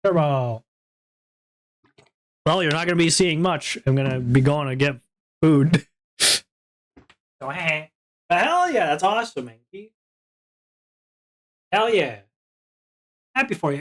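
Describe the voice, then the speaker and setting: Vtuber streamer just goofing around w chat, reads msgs out loud, talks real slow. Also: medium pitch. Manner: playful, goofy, jokey banter; reads chat messages aloud and answers them. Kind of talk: casual live-stream chat with viewers.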